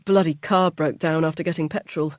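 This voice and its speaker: A woman's voice: lowish voice, fairly quick, a little mellow, dry recording, studio quality, natural voice. A woman voicing a stressed young husband who answers in a clipped, apologetic, grumbling way. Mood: defensive. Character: stressed young British husband, defensive, irritable.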